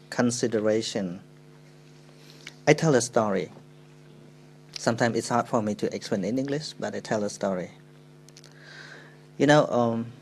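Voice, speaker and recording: A monk, a native Khmer speaker with a Cambodian accent, gives a dharma talk in halting English, telling a story with pauses and self-corrections. His male voice is medium in pitch with a darkish tone, and the rough recording has slight background noise.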